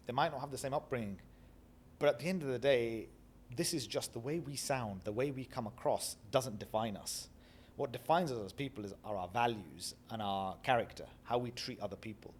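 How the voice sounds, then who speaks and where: A middle-aged man from Bradford with a Northern English accent, telling animated stories as an interview guest and acting out the voices of people he quotes. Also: mid-range voice, slight background noise. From Bradford, England. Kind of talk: reflective storytelling interview.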